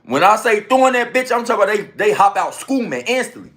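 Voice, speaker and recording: A man giving a slangy, animated commentary rant, acting out gunshot sounds. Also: sits high, a little fast, hardly any pauses. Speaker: commentary host.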